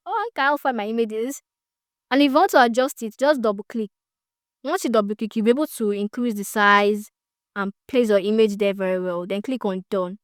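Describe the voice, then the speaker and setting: A chatty woman walks through a tutorial, her voice a touch high and smooth. She gets excited easily and repeats herself often. The sound is dry and close. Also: no room sound. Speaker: social media tutor. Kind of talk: casual step-by-step tutorial. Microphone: phone on a tripod.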